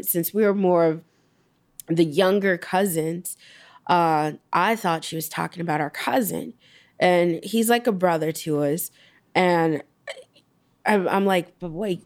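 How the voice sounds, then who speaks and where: Reflective woman, low smooth voice. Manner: halting, reflective, many fillers. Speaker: guest. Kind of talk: personal storytelling interview.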